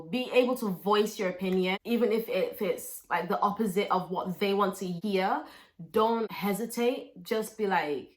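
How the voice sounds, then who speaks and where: A young woman telling a storytime on her vlog, animated, acting out quotes and dropping into hushed asides. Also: mid-range voice, moderate pace. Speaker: vlogger. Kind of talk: casual storytime.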